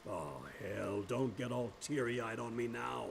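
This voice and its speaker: Gravelly old soldier. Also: male voice, medium pitch, measured pace. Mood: gruff. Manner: gruff, blunt. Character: gruff veteran male soldier, loyal. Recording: noisy game audio.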